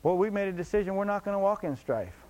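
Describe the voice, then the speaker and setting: A man's voice: high voice, lively intonation, fast, darkish tone, lo-fi sound. A man preaching a sermon emphatically, repeating his points and asking the congregation rhetorical questions.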